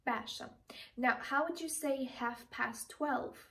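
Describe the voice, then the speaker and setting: Young woman tutor, slow and careful, slightly high voice, a little far from the mic. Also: pushed and bright. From Iraqi Kurdistan. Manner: slow, careful, repeats each word. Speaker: language tutor. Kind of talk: online language lesson.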